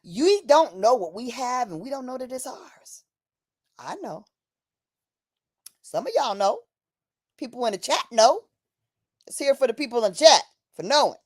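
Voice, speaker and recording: A woman's voice: fairly high pitch, animated, a little slow, pauses often, dry recording. Preachy woman streamer, dry close sound. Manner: preachy, addresses listener as honey, acts out quoted voices. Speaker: livestream host. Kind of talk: impassioned livestream monologue. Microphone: streaming setup mic.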